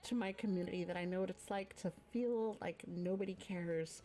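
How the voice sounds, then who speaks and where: A woman streamer hosting a livestream, talking in a halting, soft-spoken, casual way and apologizing often. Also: lowish voice, faint music behind. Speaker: streamer host. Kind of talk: emotional casual talk on a livestream.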